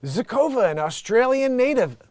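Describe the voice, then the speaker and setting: A man's voice: very high-pitched, very animated, moderate pace, a little mellow, dry recording, clean studio sound. A man hosting a comedic news show, rambling and joking through headlines and laughing at his own bits. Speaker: talk show host.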